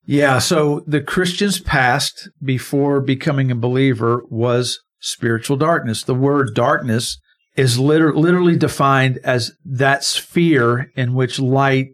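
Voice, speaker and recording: A man's voice: medium pitch, unhurried. A man co-hosting a conversational Bible study, explaining verses and stressing single words. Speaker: Bible teacher and co-host.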